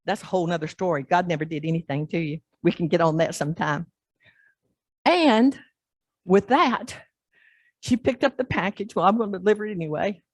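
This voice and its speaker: A woman pastor delivers a sermon story in a lowish voice. She acts out each scene with lively animation, and the sound is close and dry with no room echo. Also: moderate pace, pauses often. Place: church.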